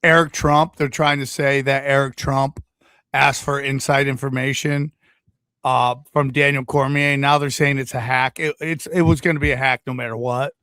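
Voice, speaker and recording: A man's voice: mid-range voice, flat delivery, normal speed, pushed and bright, smooth, dry recording, clean studio sound. A man hosting a casual comedy podcast, joking and riffing and slipping into goofy put-on voices. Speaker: podcast host.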